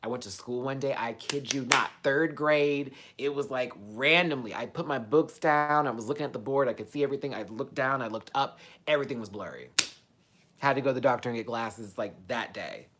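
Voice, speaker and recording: A woman hosting a live stream in a casual, chatty way, answering her viewers and swinging between excited outbursts and low mutters. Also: a little fast, a little hiss or hum. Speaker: livestream host.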